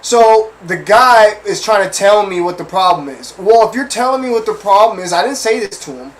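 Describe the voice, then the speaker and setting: A man's voice: high-pitched, expressive, normal speed, poor audio. A male host casually telling a personal story to his listeners, chatty and full of slang.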